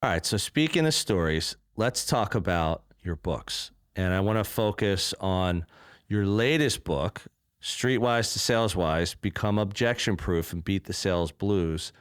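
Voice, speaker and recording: Low, smooth-voiced male podcast host. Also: expressive, unhurried, dry recording, clean studio sound. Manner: upbeat, affirming interviewer. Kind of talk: interview.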